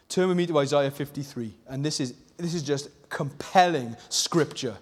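A male preacher with a high voice delivers a fervent sermon in a church hall. He surges to near-shouted emphasis, then drops to hushed intensity, and the long reverb of a large room trails after every phrase. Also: normal speed, hardly any pauses, husky. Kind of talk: passionate sermon.

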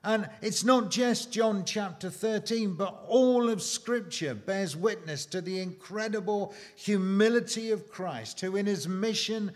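A man preaching a sermon, slow and emphatic, with dramatic pauses and rhetorical questions. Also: high voice.

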